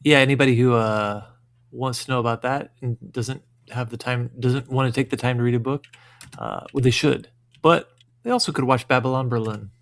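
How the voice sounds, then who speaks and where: A man with a gravelly, creaky voice co-hosts a history podcast. He chimes in with short agreements and quick casual asides, and his voice sounds dry and close to the mic. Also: medium pitch, dry recording. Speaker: podcast co-host. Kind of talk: casual discussion.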